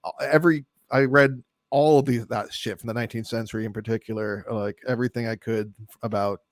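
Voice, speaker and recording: Dude rambling about movies, swears a lot, dead dry mic. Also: male voice, medium pitch, fairly even intonation, brisk, no echo. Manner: rambling, profane, laughs often. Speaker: podcast co-host. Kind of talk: casual movie chat.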